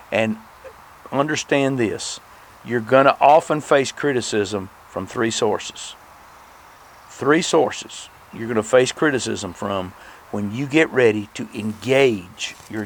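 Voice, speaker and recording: A man preaching an earnest sermon, speaking straight to his listeners. He asks them questions and lays out his points one by one. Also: mid-range voice. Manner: earnest, direct address with rhetorical questions. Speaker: pastor.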